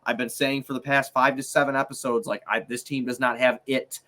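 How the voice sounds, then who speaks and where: A man's voice: medium pitch, little pitch movement, a little fast, sharp tone. A young man co-hosting a sports podcast, ranting in a heated, profane, exasperated way. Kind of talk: heated casual chat.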